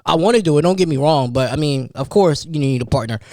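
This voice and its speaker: Solo podcast host, man in his thirties, a bit high-pitched, rambling with restarts, dry recording. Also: quick pace, dry recording. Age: 30s. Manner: rambling animated storytelling with restarts. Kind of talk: casual solo podcast monologue.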